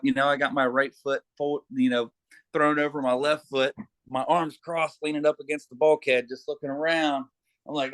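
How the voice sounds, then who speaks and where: A man, a Navy veteran, talking casually in an interview and telling animated stories from his service, swearing freely and acting out shouted lines. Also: on the high side, moderate pace, dry recording. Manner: animated storyteller, swears freely, acts out yelling.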